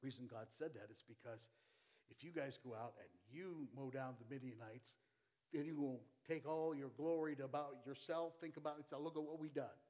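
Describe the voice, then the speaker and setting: A man pastor preaching a sermon, animated and playful, swinging between loud bursts and hushed asides. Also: mid-range voice, moderate pace. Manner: playful, jokes with the congregation.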